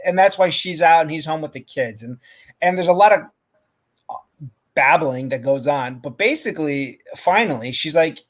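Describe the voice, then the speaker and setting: A man's voice: fairly high pitch, expressive, normal speed. A man co-hosting a podcast, telling a story in a casual way, swearing often, laughing and restarting his sentences. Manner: profane, laughing, many restarts. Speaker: podcast co-host.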